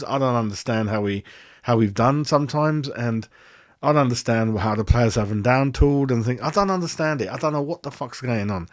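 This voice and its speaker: A man's voice: mid-range voice, brisk. A man hosting a football fan channel, ranting after a match in an exasperated, repetitive way with plenty of swearing. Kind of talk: post-match fan rant.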